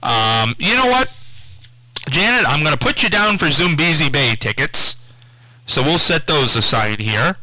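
A man's voice: medium pitch, bright, forceful tone, no room sound, low-quality recording. A man hosting a local radio call-in show, chatty and upbeat as he reads out contest results. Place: radio studio.

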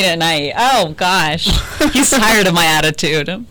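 A woman's voice: on the low side, expressive, takes it slowly, pushed and bright, slight background noise, low-quality recording. A woman co-hosting a radio show, laughing and playfully protesting as she tells a story. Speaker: radio co-host. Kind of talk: on-air banter and storytelling.

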